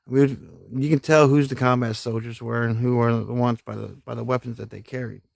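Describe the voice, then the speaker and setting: A middle-aged man tells rambling army stories on a live stream, full of cussing and laughter. His voice is gravelly and sits at an ordinary pitch. The sound is dry and close. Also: flat delivery, brisk, darkish tone, no room sound. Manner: rambling, profane, laughs often, folksy grammar. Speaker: army veteran telling war stories. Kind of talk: casual storytelling on a live stream.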